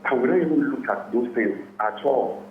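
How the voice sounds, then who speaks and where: A quiet man with a mid-range voice calls in to make a comment over a muffled, roomy phone line with faint noise. He speaks haltingly, repeats words, and asks "are you getting it?".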